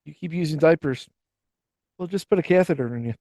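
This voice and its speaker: A man's voice: on the high side, a little fast, warm tone, no echo, clean studio sound. A man on a podcast, mocking and swearing in casual chat.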